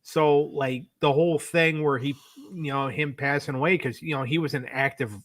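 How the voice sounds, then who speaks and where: A man's voice: on the high side, steady tone, normal speed, fairly bright tone, no echo. A man co-hosting a casual wrestling review podcast, telling a backstage story in a loose, rambling way and acting out the quotes. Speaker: podcast co-host.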